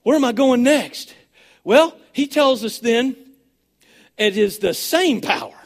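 A man preaching a sermon, excitable and swinging between shouting and a hushed voice. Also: very high-pitched, slow pace, creaky. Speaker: pastor.

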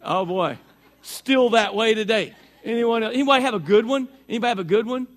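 A high-pitched middle-aged man delivers a sermon as pastor, his voice strained by allergies. He preaches in a folksy, chatty way and talks back and forth with the congregation. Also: a little fast.

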